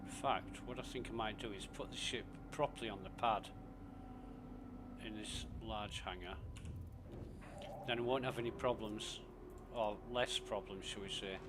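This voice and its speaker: A man's voice: on the low side, steady tone, normal speed, pauses often, noisy background. A man giving rambling, profane casual commentary while playing a game. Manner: rambling, profane, laughs easily. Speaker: gaming streamer.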